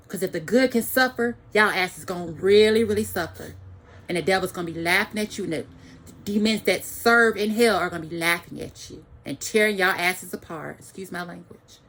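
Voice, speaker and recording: A woman's voice: lowish voice, moderate pace, a bit bright, slight background noise. A woman giving an angry, profane ranting monologue to the camera, repeating phrases for emphasis.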